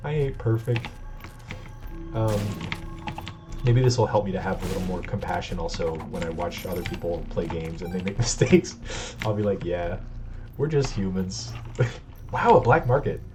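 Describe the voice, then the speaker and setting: Speaking low and animated at a normal pace, this let's play host pauses often, and there's background noise. His candid commentary at his home computer rambles confessionally, full of restarts and laughter. The built-in webcam microphone also catches keyboard clicks and soft game music.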